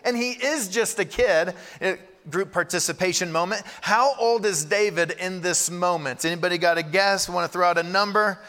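A man in his thirties preaching a sermon, animated and acting out prayers and Bible voices. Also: high voice, normal speed, few pauses. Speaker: pastor. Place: large church hall. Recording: reverberant hall.

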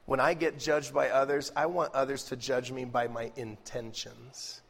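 Animated preacher in a reverberant hall. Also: male voice, mid-range voice, normal speed, creaky. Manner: animated, joking, swings between loud and hushed. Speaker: pastor. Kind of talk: sermon. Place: large church hall. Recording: live sermon with long hall reverb.

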